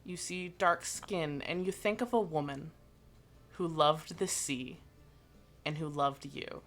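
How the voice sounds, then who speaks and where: Woman game master, low-pitched, slow descriptive narration for a tabletop game.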